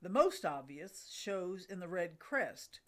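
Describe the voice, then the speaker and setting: Slow-spoken enthusiastic woman host. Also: fairly low pitch, sing-song, fairly bright tone. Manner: enthusiastic, with a light laugh. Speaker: host of a bird watching channel. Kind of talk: scripted informative narration.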